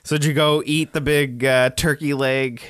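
A man's voice: mid-range voice, little pitch movement, moderate pace, a bit bright, no room sound, clean studio sound. A man co-hosting a casual podcast chat, teasing playfully and laughing easily. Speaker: podcast co-host.

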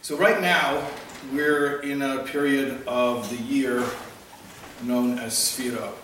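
A man's voice: mid-range voice, little pitch movement, slow, fairly bright tone, a little hiss or hum. A man, possibly a rabbi, giving an informal talk on Jewish practice, opening with a joke in a conversational teaching manner. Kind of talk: informal Torah class talk. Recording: echoey hall, mic at a distance, faint ambience.

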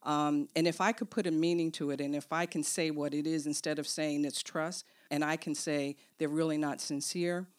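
A woman co-hosting a relaxed talk about a management book. She explains ideas earnestly, step by step, and teases her partner along the way. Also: sits low, moderate pace, few pauses. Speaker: podcast co-host. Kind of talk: casual discussion of a management book.

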